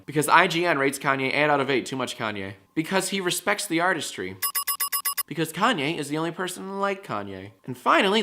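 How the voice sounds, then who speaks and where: A man's voice: fairly high pitch, sharp tone. A man hosting a comedy web show, reading out viewer comments with sarcastic, jokey asides. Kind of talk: fast comedic monologue to camera.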